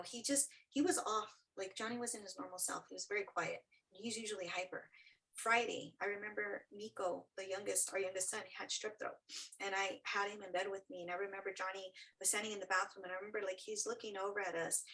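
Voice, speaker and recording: A woman's voice: mid-range voice, a bit bright, poor audio. A middle-aged woman, an interview guest, telling a personal story with earnest feeling and acting out what others said.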